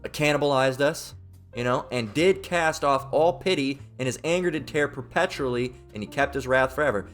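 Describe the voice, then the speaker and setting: A man's voice: a little high, animated, brisk, a bit bright, faint music behind. A man giving a heated Bible commentary, mocking, profane and repetitive as he reads and rants. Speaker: Bible teacher.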